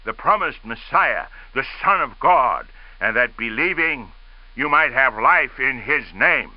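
A middle-aged man delivers a radio sermon. He speaks slowly and earnestly and tells his story with care. The broadcast sound is slightly dull. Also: on the high side, no echo. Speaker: radio preacher.

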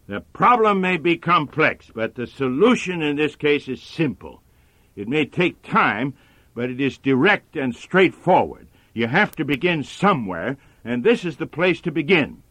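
A man preaching a sermon in a measured, earnest manner. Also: a little high, sing-song, a bit bright, no echo.

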